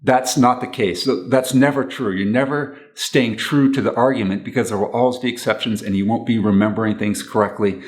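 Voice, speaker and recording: A man's voice: on the low side, fairly even intonation, a little fast, hardly any pauses. A man giving relationship advice to camera in an earnest, instructional way, repeating his key points.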